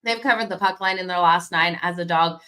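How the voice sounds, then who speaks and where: A woman hosting a daily hockey betting show, talking straight to her viewers in an energetic, conversational way while losing her voice a little. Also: on the low side, fairly quick. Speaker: sports betting show host.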